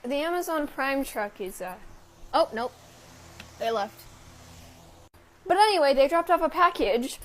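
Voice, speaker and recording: A young woman content creator talking casually to the camera in animated rants that rise to shouts. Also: high voice, unhurried, pauses often. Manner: animated ranting, rising to shouts. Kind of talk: casual vlog rant.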